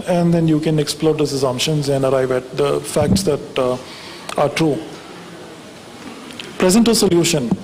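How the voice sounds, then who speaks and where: A man's voice: a little high, darkish tone. A man giving a wry, conversational conference talk, often checking in with the audience by asking "right?". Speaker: conference speaker. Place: conference hall. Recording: reverberant hall, faint background hiss.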